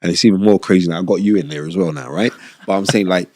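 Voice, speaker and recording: A man's voice: low-pitched, quick pace, creaky, darkish tone, no room sound, studio quality. A middle-aged man, a former boxer, telling stories in a casual interview and checking in with frequent "you know what I mean?" asides. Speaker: former boxer, podcast guest.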